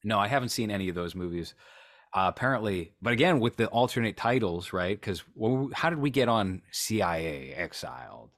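Low-voiced rambling male podcast host. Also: expressive, fairly quick, fairly bright tone. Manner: rambling, sarcastic, jokey. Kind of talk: casual chat.

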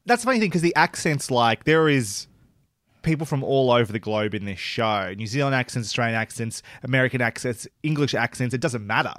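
Lively casual man in a dry room. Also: mid-range voice, brisk, no room sound. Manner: hesitant, self-conscious, restarts often. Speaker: podcast co-host. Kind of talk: casual TV review chat.

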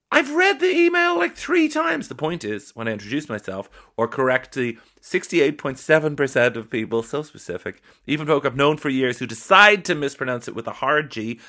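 An Irish man with a mid-pitched voice hosts a comedy podcast. He reads listener emails aloud in a dry, playful way and keeps breaking off to joke about them. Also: fairly bright tone. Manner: wry, playful, stops to riff on what he reads. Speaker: podcast host. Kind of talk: comic podcast monologue reading listener emails.

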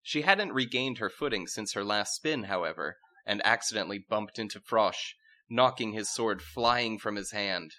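Bright-voiced man narrating a comic tale. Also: on the low side, moderate pace. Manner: wry, deadpan narration with frequent laughs. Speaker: narrator and storyteller. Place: podcast recording with friends.

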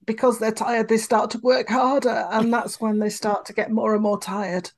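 Expressive woman voice coach. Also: a little high, normal speed. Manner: expressive, demonstrates vocal examples. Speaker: voice coach guest. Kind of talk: conversational podcast interview.

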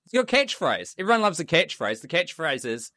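A man co-hosts a comedy podcast, chatting casually and adding wry comments. His voice has a bright, forward edge. It is recorded dry and close. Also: a little high, sing-song, fairly quick, dry recording. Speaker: podcast co-host. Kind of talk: casual comedy review chat.

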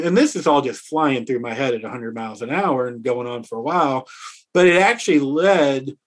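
A middle-aged man telling a personal story to an interviewer, reflective and earnest, slowing down to stress key words. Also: mid-range voice. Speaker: author and interview guest.

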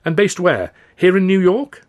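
A man's voice: high voice, animated, normal speed, darkish tone, voice pushed up. A man playing a breezy, self-assured young comedian who talks in an airy, flamboyant, declamatory way. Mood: theatrical.

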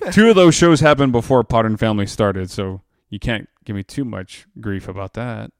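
An American man hosts a casual podcast chat with a smooth, resonant voice. The sound is dry and close, with no room around it. He talks in an easygoing way and often stumbles and restarts his phrases. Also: on the low side, moderate pace, dry recording. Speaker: podcast host.

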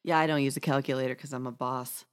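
A woman's voice: very deep voice, steady tone, fast. A woman with a Midwestern American accent, co-hosting a podcast in frank, laid-back, rambling casual chat. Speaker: podcast co-host.

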